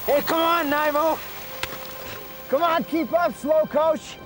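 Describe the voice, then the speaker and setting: An actor playing a young male climber in a documentary reenactment, shouting with strain. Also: very high-pitched, fairly even intonation, slow pace. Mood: urgent. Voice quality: strained shouting over wind. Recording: distant shouts under loud music.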